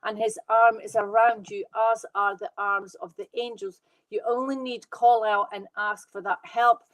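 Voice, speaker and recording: A woman working as a medium, giving live readings to viewers in an excitable, fast, reassuring way. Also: mid-range voice, rough recording. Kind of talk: live online psychic reading.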